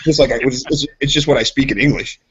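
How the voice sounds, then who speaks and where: A man with a husky voice tells loose, rambling stories on a casual podcast, and he acts out every voice in them. The audio sounds dull and lo-fi. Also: medium pitch, steady tone, fast. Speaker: podcast co-host. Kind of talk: casual chat, storytelling.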